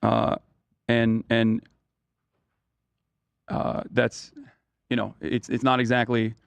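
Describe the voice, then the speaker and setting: A man's voice: mid-range voice, completely flat delivery, slow pace, gravelly, clean tone, dry recording. A man in a heated casual debate, pushing back insistently and repeating words as he goes.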